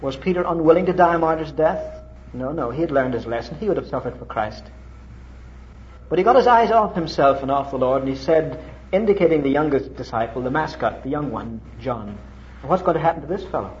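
Middle-aged male preacher from Ireland, lively storytelling sermon, muffled old recording. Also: fairly quick, slight background noise. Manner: animated storytelling with dramatic pitch leaps.

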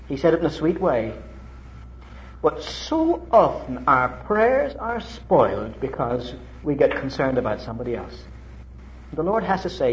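Middle-aged male preacher from Ireland, lively storytelling sermon, muffled old recording. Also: normal speed, a little hiss or hum. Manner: animated storytelling with dramatic pitch leaps.

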